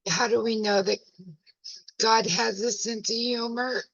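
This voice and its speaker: A woman's voice: fairly high pitch, steady tone, measured pace, vocal fry, no room sound. A folksy, self-mocking woman, chatting casually as the host of a home video, her eyes burning from pepper. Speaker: wellness ministry host. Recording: dull lo-fi dry sound.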